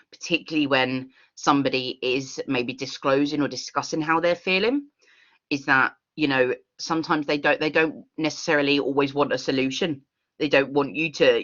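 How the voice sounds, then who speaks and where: Bright woman leading a workshop. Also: very deep voice, dull audio. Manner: expressive, earnest, with quick laughs. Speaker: workshop facilitator. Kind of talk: online workshop talk. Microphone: video call.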